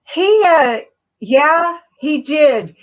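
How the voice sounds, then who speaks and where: A woman's voice: high voice, animated, extremely slow. Indignant woman on a dull lo-fi line. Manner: indignant, recounting grievances. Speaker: interview guest, the mother. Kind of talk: interview answers.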